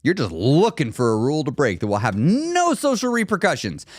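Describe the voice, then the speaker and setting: A man coaching on a live stream in a casual teaching style, animated, often laughing and acting out little voices. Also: a little high, a little fast, no room sound, studio quality.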